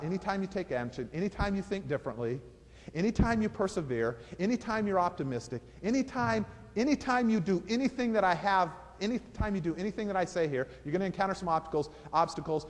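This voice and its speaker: Male motivational speaker with a high voice, storytelling and emphatic, in a reverberant hall. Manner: animated, repeats phrases for emphasis.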